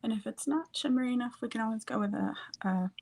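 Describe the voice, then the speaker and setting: A woman's voice: a little high, fast talker, gravelly, a little mellow, a little hiss or hum. A woman chatting casually and rambling as she does her makeup, swearing now and then. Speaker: streamer doing makeup on a group call. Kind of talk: casual chat.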